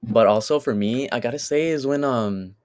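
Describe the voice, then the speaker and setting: A man's voice: mid-range voice, moderate pace, darkish tone. A man co-hosting a podcast in casual chat, retelling scenes in a loose, rambling way full of fillers. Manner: rambling, filler-heavy storytelling. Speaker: podcast co-host.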